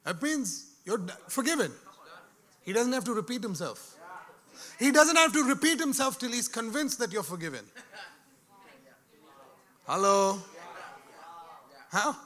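A man preaching a sermon, dropping to a hush and rising to shouts, calling out to his listeners. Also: high-pitched. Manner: swings from hushed to shouted, calls out to the crowd.

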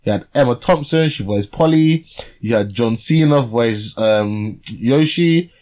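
A man's voice: mid-range voice, a little mellow. Rambling young man. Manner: rambling, many fillers and tag questions. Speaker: podcast co-host. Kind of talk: casual film review chat.

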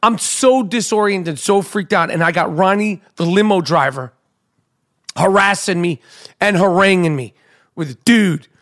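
A middle-aged man from a radio show telling a frantic, profanity-laced story and acting out his own panicked shouts. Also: high-pitched, a little slow. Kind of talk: animated storytelling rant. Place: New York.

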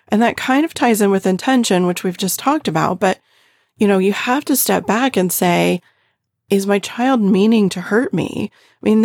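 A middle-aged woman speaks in an earnest, gentle way about raising children and keeps turning to the listener. Her voice has a gravelly edge, and the recording is close and dry, with no room sound. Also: medium pitch, dry recording. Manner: gentle, earnest, addresses listener directly with frequent "right?". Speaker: parenting podcast host. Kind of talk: reflective parenting talk.

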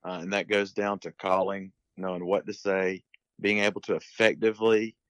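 A man's voice: low-pitched, little pitch movement, moderate pace, clear, resonant tone, no echo, poor audio. A man being interviewed as a guest on a podcast, explaining things in a casual, uneven way with restarts and bursts of emphasis. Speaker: podcast guest, turkey hunter.

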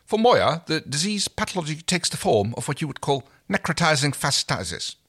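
A man voicing a calm, formal alien ship pilot who gives careful explanations. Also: on the high side, brisk, husky, pitched above the performer's own voice, exaggerated voice. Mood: grave.

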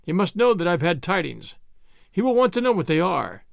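A man voicing a grave, stern military colonel under siege, speaking in a grim, measured way. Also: high voice, big pitch swings, gravelly, no echo, highs cut off, exaggerated voice.

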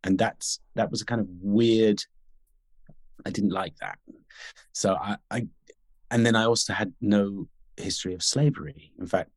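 Low-voiced man, thoughtful guest. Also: no echo. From Sudan and Britain. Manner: articulate, halting with many restarts. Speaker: guest actor. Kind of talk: reflective interview conversation.

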